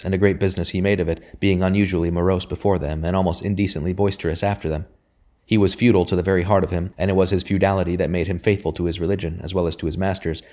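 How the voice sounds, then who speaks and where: Low-voiced man narrating a novel. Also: a little mellow. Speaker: audiobook narrator. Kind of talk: scripted narration.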